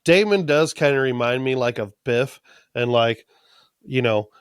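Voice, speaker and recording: A man's voice: medium pitch, unhurried, clean tone, no room sound, clean studio sound. A man co-hosting a podcast in a casual recap chat, who laughs often, trails off with fillers and cracks blunt jokes. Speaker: podcast co-host.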